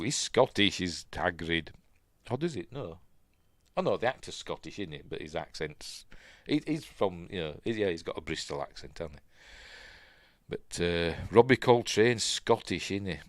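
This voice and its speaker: A man's voice: low-pitched, animated, measured pace, long pauses, dry recording. A man with a Yorkshire accent hosting a casual live-stream news chat, rambling into asides and chuckling to himself.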